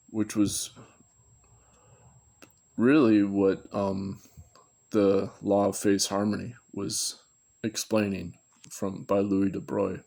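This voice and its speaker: A man's voice: sits low, creaky, darkish tone. A man giving a rambling, unscripted commentary, thinking aloud and correcting himself as he goes. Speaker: video commentator.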